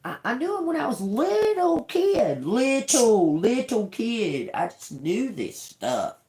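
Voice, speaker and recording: Blunt, foul-mouthed woman hosting a livestream, animated delivery, roomy echo. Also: on the high side, takes it slowly. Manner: blunt, profane, animated storytelling. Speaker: tarot reader livestream host. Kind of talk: casual livestream talk. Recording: echoey room.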